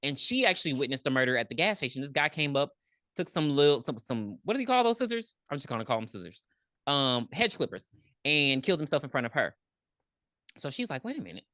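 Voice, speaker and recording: A woman's voice: rumbling low, very animated, a little fast, fairly bright tone, dry recording, clean studio sound. A woman co-hosting a podcast, retelling a movie's plot in casual chat, acting out the characters' lines and swearing freely. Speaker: podcast co-host.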